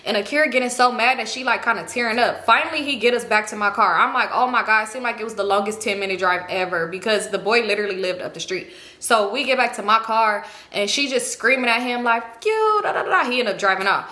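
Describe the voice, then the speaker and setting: An animated young woman vlogger who tells a gossipy story in a high, bright voice. She acts out the quotes. The sound is echoey, as in a bare room. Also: fast talker. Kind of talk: casual storytime.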